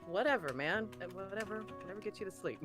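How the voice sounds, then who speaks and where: A woman's voice: medium pitch, animated, fast, music in the background. A woman guest in a casual livestream chat, rambling and giggling as she talks.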